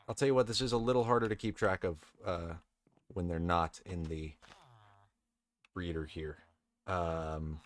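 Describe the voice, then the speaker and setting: A let's play host with a low-sitting voice gives relaxed, casual commentary as he plays a video game, talking to the characters and occasionally swearing.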